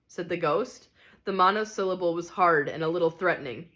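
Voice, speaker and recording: A woman narrating an audiobook in an even storytelling voice. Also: on the low side, brisk.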